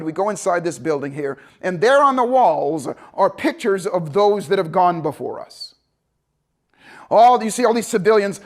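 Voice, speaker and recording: A man telling a story as a motivational speaker, animated and conversational. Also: high voice. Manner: animated, conversational, acts out voices. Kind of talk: storytelling talk to an audience.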